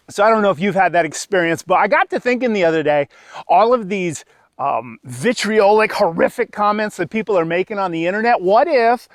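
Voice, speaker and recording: Man, stand-up comic, high voice, dry close sound, acts out characters. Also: no echo. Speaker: stand-up comedian. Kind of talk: stand-up comedy routine.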